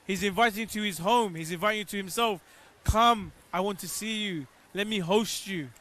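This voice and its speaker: A man with a notably high, bright and forceful voice hosts a live outdoor broadcast. He talks in an exhorting, preacher-like way, pressing his appeals on viewers. He is out in the open on a pilgrimage walk. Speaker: presenter of live pilgrimage coverage.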